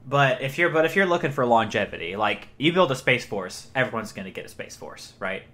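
A man's voice: mid-range voice, lively intonation, a little fast, fairly bright tone. A man co-hosting a podcast in casual comedic banter, riffing earnestly and thinking aloud. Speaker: podcast co-host.

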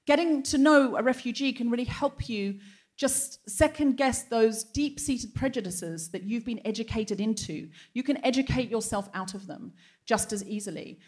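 A woman's voice: a little high, moderate pace, darkish tone. Wry woman telling a comic story. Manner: chatty anecdotal, wry punchlines. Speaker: host. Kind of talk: live comedic storytelling. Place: theatre stage before a live audience.

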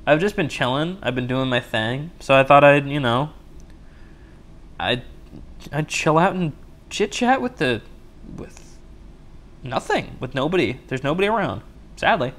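Young man, solo podcast host, casual rambling chat, self-mocking jokes, lively up-and-down pitch. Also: a little slow, pauses often. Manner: rambling, jokey, self-mocking, frequent restarts.

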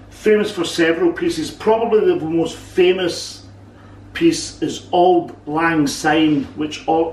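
A man's voice: fairly high pitch, a little mellow, far from the mic, a little hiss or hum. Man explaining in a roomy kitchen. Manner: halting, many restarts, explains patiently. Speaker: cook and co-host. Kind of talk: casual cooking chat. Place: home kitchen. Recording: roomy kitchen sound from off-mic.

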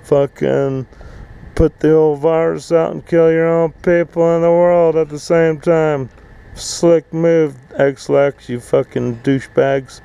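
Slow, gravelly man for an angry, swear-heavy outdoor rant. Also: fairly high pitch, little pitch movement, dark tone, no room sound, low-quality recording. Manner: angry, swearing, mocking voices. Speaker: vlogger, full-time RVer. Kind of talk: profane rant to camera. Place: outdoors at an RV park.

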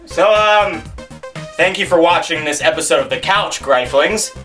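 Man, goofy comedy rant, bright edgy voice, lively pitch, distant mic, faint music. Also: a little slow. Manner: goofy, mock-serious, hesitant restarts. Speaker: guest co-host.

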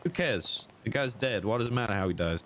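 Animated, blunt man in role-play. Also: fairly low pitch, a little fast, a little hiss or hum. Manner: blunt, swears freely, animated. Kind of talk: casual in-character role-play chat.

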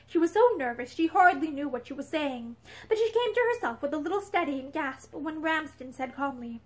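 Expressive woman reading a novel aloud. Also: high voice, normal speed. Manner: expressive storytelling. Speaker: reader. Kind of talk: audiobook narration. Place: indoor room with bookshelves.

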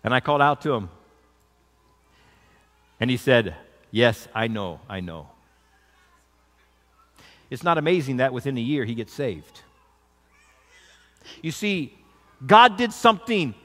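A man's voice: medium pitch, animated, unhurried, long pauses, a bit bright, long reverb tail. A man preaching as a pastor, telling a story and leading an earnest prayer. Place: large tent meeting with long reverb.

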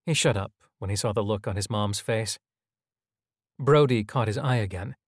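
A man narrating a scripted audio drama in an even, measured storytelling manner. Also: lowish voice, no room sound, clean studio sound.

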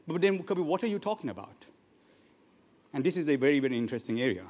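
Pastor, male, high voice, animated sermon delivery with loud and hushed turns, long church reverb. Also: fast talker, long pauses. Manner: animated preaching, swings from loud exhortation to quiet asides. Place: church hall.

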